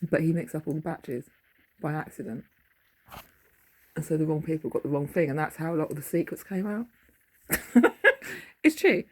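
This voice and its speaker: A woman's voice: sits low, expressive, normal speed, long pauses, a little mellow. A middle-aged woman, casually rambling through a dream she had, often losing her thread and searching for words.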